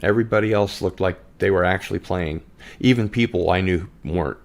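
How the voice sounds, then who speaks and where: A man's voice: low voice, brisk. A man hosting a casual podcast chat, hesitant with many ums, reading out viewer comments. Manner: relaxed, reads out viewer comments. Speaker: podcast host.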